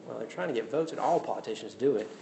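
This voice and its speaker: A man preaching a sermon in an animated, jokey way, acting out quotes. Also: mid-range voice, quick pace, gravelly. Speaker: pastor. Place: church hall. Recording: echoey hall with faint room noise.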